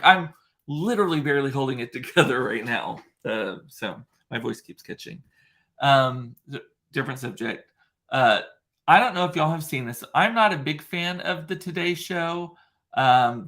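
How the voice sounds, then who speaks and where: A man's voice: medium pitch, vocal fry, fairly bright tone. A young man vlogging casually, rambling through a funny story with lots of ums and laughing asides. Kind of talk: casual chat to camera.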